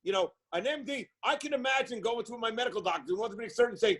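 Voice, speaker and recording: A man's voice: extremely high pitch, quick pace, fairly bright tone, poor audio. A man in his sixties giving an impassioned, preachy motivational speech as a chiropractic coach, hammering points with repetition. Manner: fiery, preachy, repeats words for emphasis. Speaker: live show guest speaker.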